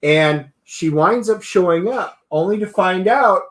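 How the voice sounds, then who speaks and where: High-voiced man co-hosting a TV review. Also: unhurried. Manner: animated storytelling, acts out character quotes. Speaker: show co-host. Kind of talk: casual TV review chat.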